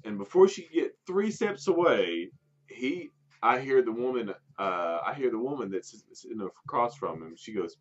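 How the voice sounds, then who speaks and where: A man's voice: lowish voice, animated, moderate pace. A man casually telling a story to a friend, laughing often and restarting his sentences. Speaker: podcast co-host telling a story. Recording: dull lo-fi sound.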